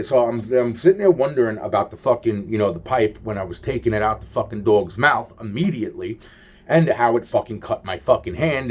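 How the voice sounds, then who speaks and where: Low-pitched man, rambling rant, constant swearing, exasperated, sighs between thoughts. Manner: trails off with repeated sighs of "wow". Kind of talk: rambling personal monologue.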